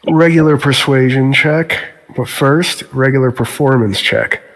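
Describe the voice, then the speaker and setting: A man narrating a tabletop game as game master in a measured, dry manner. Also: medium pitch, a bit bright, long reverb tail.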